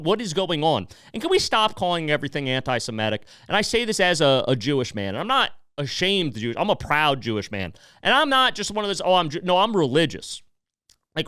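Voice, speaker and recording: A man's voice: on the high side, a bit bright, clear, resonant tone, no room sound, studio quality. Heated, profane American man ranting. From United States. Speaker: podcast host. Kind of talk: political podcast monologue.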